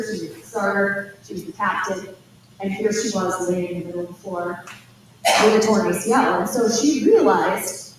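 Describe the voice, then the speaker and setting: A woman giving an informal college admissions talk, telling chatty, animated stories with lots of asides. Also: mid-range voice. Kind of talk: informal presentation to parents and students. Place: school auditorium. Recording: echoey hall from far off, faint noise.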